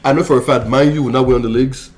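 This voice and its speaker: A man's voice: mid-range voice, steady tone, racing, a little mellow. A man co-hosting a casual football podcast, teasing and arguing with his co-host. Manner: teasing, argumentative banter. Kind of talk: casual chat.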